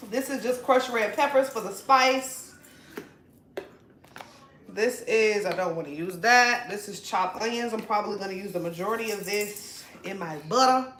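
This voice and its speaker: A young woman with a high voice chats through a home cooking vlog, swearing freely and laughing often. Her volume jumps from loud bursts to near mutters. The kitchen rings with echo, with a faint hiss of noise behind her. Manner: chatty, profane, laughs often, swings loud and soft. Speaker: vlogger. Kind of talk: casual cooking vlog chat. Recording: echoey room, faint noise.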